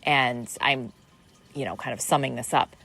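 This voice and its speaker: A woman's voice: rumbling low, normal speed, creaky, fairly bright tone, breathy edge. A middle-aged woman hosting a podcast, musing in a meandering spiritual monologue full of fillers and restarts. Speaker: podcast host.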